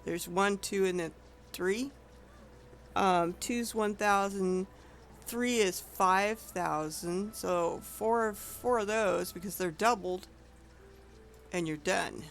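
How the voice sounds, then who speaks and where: A woman talks through her game session at her computer, rambling and correcting herself mid-sentence. Her voice sits at an ordinary mid pitch. Faint game music plays underneath. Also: slow pace. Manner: chatty, rambling, self-correcting. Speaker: streamer playing an online game. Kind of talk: casual gameplay commentary.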